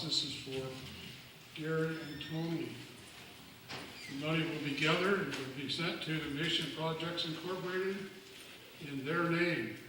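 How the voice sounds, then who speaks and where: Distant man announcing an offering in an echoey church. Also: fairly high pitch. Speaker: church service leader. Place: church sanctuary. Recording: very echoey, distant from mic, noisy.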